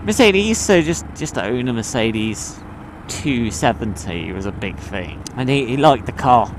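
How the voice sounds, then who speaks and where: A man from the UK giving a casual vlog monologue, animated and swearing, with his voice jumping between high and low. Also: a little slow, background noise. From United Kingdom. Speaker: motovlogger.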